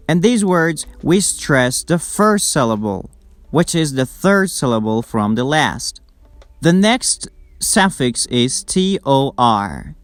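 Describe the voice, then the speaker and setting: A man teaching English word stress, slowly drilling word lists one by one. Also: mid-range voice, sing-song, no echo, soft background music. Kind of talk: slow, deliberate pronunciation lesson.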